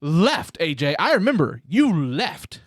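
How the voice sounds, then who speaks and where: A man hosting a casual podcast, telling crude stories loudly and teasing his guest. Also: fairly high pitch, sing-song, measured pace, no room sound, clean studio sound. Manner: loud, teasing, swears a lot. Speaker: podcast host. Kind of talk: casual chat, crude storytelling. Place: room at home.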